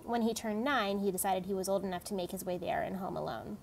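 A woman reads a novel aloud with steady, plain storytelling. Her voice sits at a middling pitch with a strong gravelly fry. Her delivery stays even and unhurried. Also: slight background noise, low-quality recording. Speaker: audiobook reader.

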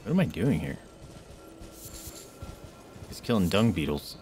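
An excitable man giving live commentary while he plays a game, his pitch jumping all over as he reacts. He keeps talking to his viewers on a desk mic. Faint game music plays behind him. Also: unhurried. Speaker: streamer.

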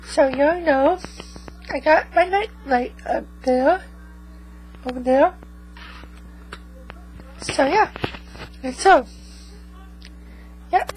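A woman's voice: high voice, extremely slow, pauses often, a little mellow, faint music behind, low-quality recording. A woman vlogging in casual chat to her viewers, rambling and tagging most remarks with 'okay?'. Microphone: USB microphone.

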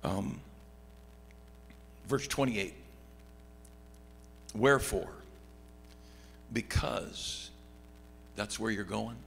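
A middle-aged pastor teaching a Bible study, reading scripture aloud and swinging from loud excitement to quiet asides. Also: male voice, lowish voice, very slow, creaky, pauses often. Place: church sanctuary. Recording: long hall reverb, faint background hum.

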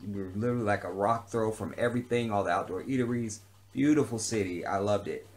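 This man's voice is fairly low and a little mellow, and he moves at a quick pace. He's a vlogger in the middle of an off-the-cuff rant, swearing hotly and repeating a phrase again and again for emphasis.

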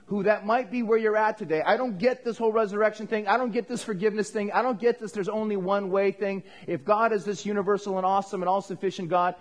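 High-voiced man preaching a sermon. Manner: conversational preaching, asks for amens. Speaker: pastor.

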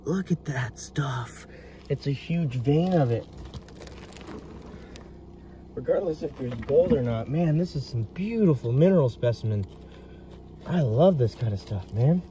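Man, prospector, excited running commentary, mid pitch, faint background noise. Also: normal speed, recorded from a distance. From United States. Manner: excitable, marvelling, talks to viewers. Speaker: prospector filming his mine. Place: underground hard rock mine.

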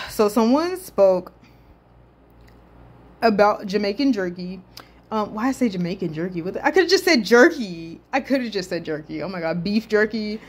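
Animated woman reacting and rambling. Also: mid-range voice, moderate pace, pauses often. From southern United States. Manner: animated, swearing, laughing, stuttering. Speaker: streamer reacting to comments. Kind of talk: casual reaction commentary.

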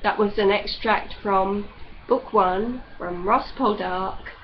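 A woman reading a novel aloud as narrator in measured storytelling, on a slightly dull recording with faint hiss. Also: mid-range voice, fairly even intonation. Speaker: audiobook reader.

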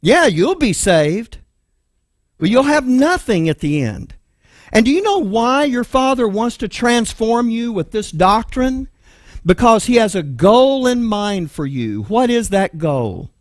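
A man's voice: very high voice, big pitch swings, measured pace, dry recording, studio quality. A man with a Texan accent preaching a sermon, emphatic and full of rhetorical questions. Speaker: pastor.

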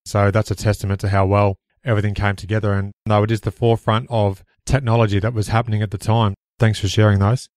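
A man hosting a podcast, asking measured, prepared questions. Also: lowish voice, level tone, darkish tone, no echo, clean studio sound. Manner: measured, scripted phrasing. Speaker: podcast host.

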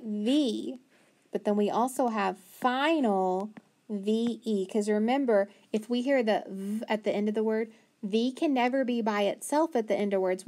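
Female teacher, mid pitch, patient phonics lesson, slow sounding-out, encouraging. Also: darkish tone. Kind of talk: phonics lesson to young children.

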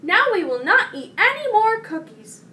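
A woman's voice: extremely high pitch, sing-song, normal speed, pushed and bright, voice pushed up, full character voice. A woman doing a sensible, patient young frog. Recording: distant mic with faint noise.

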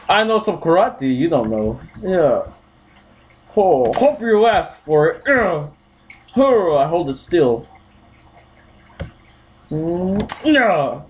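A gaming video host giving loose let's-play commentary, yelping, shouting and laughing while taunting the characters on screen. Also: medium pitch, slow pace, pauses often, slight background noise. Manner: excitable, yelps and shouts, frequent laughs; talks to game characters, taunting.

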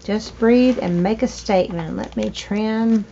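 A woman hosting a crafting video, chatting slowly to herself while she trims and glues, with hiccups now and then. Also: medium pitch, gravelly, mellow. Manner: slow, chatty, talking to herself while working. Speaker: crafting channel host. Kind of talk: casual crafting narration. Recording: dull lo-fi home recording with faint noise.

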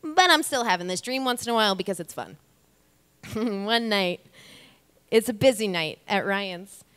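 A woman in her thirties delivers a comic story from the stage in a bright, sharp, smooth voice. She is chatty and wry and speaks straight to the audience. Her voice rings with the long reverb of a live venue. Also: medium pitch, expressive, a little slow.

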